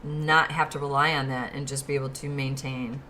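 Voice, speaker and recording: Hesitant woman with a very low voice. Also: flat delivery, sharp tone, a little hiss or hum. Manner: hesitant, halting, many restarts and fillers. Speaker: podcast host. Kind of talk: casual chat.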